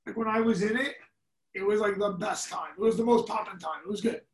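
A man with a high voice talks fairly quickly as a podcast guest, spinning loose, profane stories and laughing as he goes. He's an animated storyteller, recorded in an echoey room and set well back from the mic.

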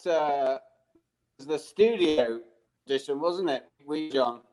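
A man's voice: on the high side, a little slow, a crowd in the background. A man telling a chatty anecdote, laughing as he goes. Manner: chatty, laughing through his story. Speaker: actor guest on a panel. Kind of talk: casual anecdote.

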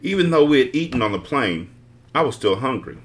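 A man's voice: medium pitch, very animated, a little fast. A man hosting a book podcast, reading a novel aloud with blunt, profane asides. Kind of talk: casual book reading with commentary.

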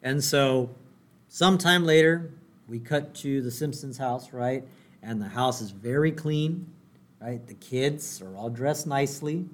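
A man's voice: mid-range voice, a little slow. A man co-hosting a podcast, casually recapping a cartoon episode and often checking in with "right?". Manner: chatty, often asks "right?". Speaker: podcast co-host.

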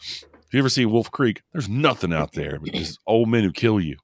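A man hosting a casual horror movie podcast, animated and profane, often acting out characters in quick impressions. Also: on the low side, slightly rough. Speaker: podcast host. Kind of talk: casual movie review chat.

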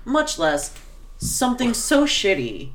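A woman's voice: on the high side, big pitch swings, slow, a crowd in the background. A young woman in casual podcast chat, telling a story animatedly and swearing a lot.

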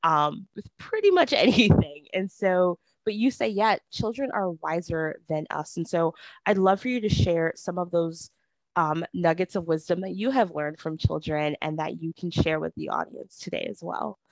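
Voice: mid-range voice, lively intonation, normal speed, creaky, no room sound. A podcast host talking casually with a guest, chatty with many filler words. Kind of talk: podcast interview conversation.

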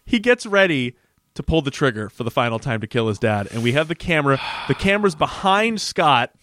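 A man's voice: mid-range voice, big pitch swings, a little fast, fairly bright tone, dry recording, clean studio sound. A man co-hosting a podcast, chatting casually and gushing with laughing, swearing enthusiasm as he recaps an episode. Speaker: podcast co-host.

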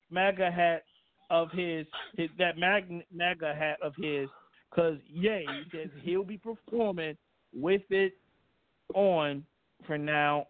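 A man's voice: sits high, slight background noise. A man hosting a radio show, chatting bluntly and reading entertainment news with frequent restarts. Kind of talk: casual entertainment news chat. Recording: phone-like line.

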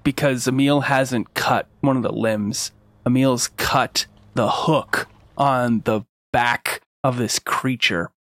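Male game master, unhurried vivid narration, mid pitch. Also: steady tone, fairly bright tone, no room sound.

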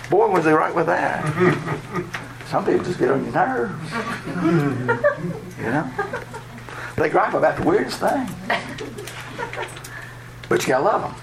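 Man, pastor, sermon storytelling, lively pitch, candid and self-mocking. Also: a little slow, creaky, pauses often, noisy background. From Georgia, USA. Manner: animated, candid storytelling, chuckling at himself.

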